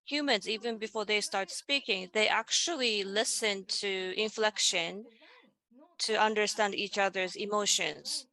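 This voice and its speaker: A woman's voice: medium pitch, unhurried, bright, forceful tone. A woman giving an online presentation in a panel dialogue, explaining ideas step by step and guiding listeners through simple exercises over a video call.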